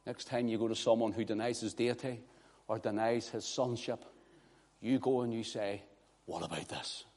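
A man preaching a sermon, swinging from hushed, quiet passages to loud, impassioned declarations. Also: lowish voice, moderate pace. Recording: long hall reverb.

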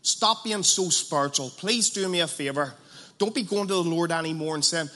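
A man preaching an evangelistic sermon, passionate and blunt, dropping to a hush and then rising loud, with colloquial asides. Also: on the high side, moderate pace. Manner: passionate, swings from hushed to loud.

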